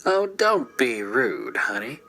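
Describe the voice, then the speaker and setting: Guy doing a sleazy drawling cowboy, middle-aged, gravelly, bright, lively pitch. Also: slow, slight background noise, full character voice. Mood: leering.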